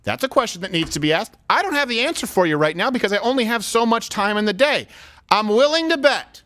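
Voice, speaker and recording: A man hosting a talk show, giving opinionated comedic commentary in a sarcastic, animated way that slips into acted-out dialogue. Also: sits high, fast.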